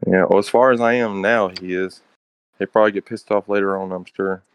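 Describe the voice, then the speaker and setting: A man's voice: low-pitched, fairly even intonation, fairly quick, clear, resonant tone, no room sound. A young man co-hosting a podcast, chatting loosely with friends, rambling with heavy slang and swearing and laughing often. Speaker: podcast co-host. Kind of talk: casual chat among friends.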